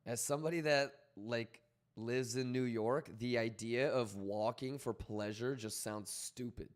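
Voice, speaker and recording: A man's voice: mid-range voice, unhurried. A man streaming live, talking loosely and profanely as he reads chat messages aloud and rambles. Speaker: crypto trading livestreamer.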